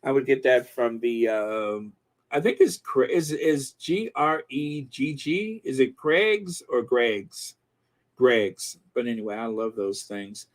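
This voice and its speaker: Slow-talking chatty man. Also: mid-range voice. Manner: chatty, rambling, many fillers and restarts. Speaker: channel host reading viewer comments. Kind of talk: casual live-stream chat.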